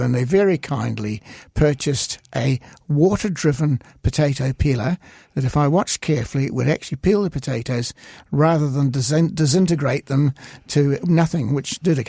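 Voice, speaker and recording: An older man in his eighties, born in Scotland, reminisces in an interview with a slightly high voice. He tells anecdotes haltingly, pausing often, in a dry, close sound. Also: gravelly, warm tone, dry recording. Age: 80s. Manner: halting, anecdotal storytelling with frequent hesitations. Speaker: guest illustrator.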